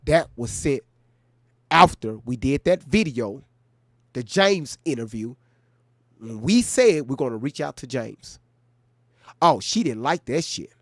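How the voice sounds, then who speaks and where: Male stream host, casual, blunt and profane, average pitch, dry close sound. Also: sing-song, takes it slowly, pauses often, no room sound. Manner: blunt, profane, talks straight to chat. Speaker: livestream reaction host. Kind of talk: casual livestream chat.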